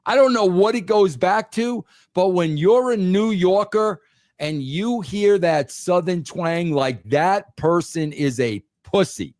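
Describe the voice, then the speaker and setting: A man's voice: sits high, expressive, takes it slowly, a little mellow, dry recording. An older man in casual podcast chat, talking emphatically and saying "bro" often with many restarts. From New York. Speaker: podcast guest, former wrestling writer.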